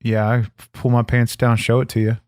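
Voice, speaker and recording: A man voicing a foul-mouthed, angry male wrestler persona on a comedy podcast, profane and gruff. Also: mid-range voice, flat delivery, moderate pace, a little mellow, no echo, clean studio sound, pitched below the performer's own voice, natural voice. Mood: irritated. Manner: profane, gruff, constantly pissed off. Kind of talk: improvised comedy podcast banter.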